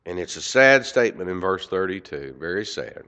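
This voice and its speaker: A man preaching a sermon, swinging from loud emphasis to quiet asides. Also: low-pitched, sing-song, moderate pace. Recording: dull lo-fi recording.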